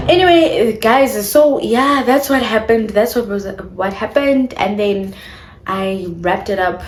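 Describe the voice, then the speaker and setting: A young woman with a South African English accent chats straight to her viewers. Her voice sits at a middle pitch, and she drops in isiXhosa words as she goes. The sound carries some room echo. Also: measured pace, a little hiss or hum. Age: young adult. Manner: chatty, addresses viewers, mixes in isiXhosa phrases. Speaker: vlogger. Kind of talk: casual storytime.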